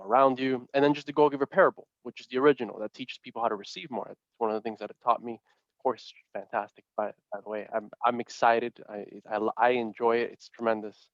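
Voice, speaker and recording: A man's voice: mid-range voice, no room sound. A man hosting an interview, asking questions hesitantly with repeated words and lots of praise. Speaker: podcast host. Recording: slightly muffled dry audio.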